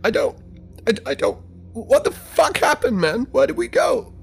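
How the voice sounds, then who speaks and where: A man's voice: very high-pitched, huge pitch swings, unhurried, gravelly, voice pushed up, heavily acted. A man voicing a traumatized young man, sobbing, panicked and swearing in a horror story. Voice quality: shaky, tearful, sobbing.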